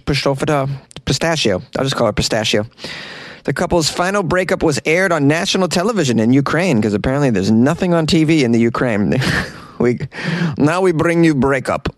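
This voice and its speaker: A man with a mid-range voice hosts a comic podcast of strange news, mocking each story with sarcastic asides. He is recorded in a small closet, and the sound is close and dry with no room echo. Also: medium pitch. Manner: sarcastic, mocking commentary with laughs. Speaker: podcast host. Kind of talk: comedic weird-news podcast.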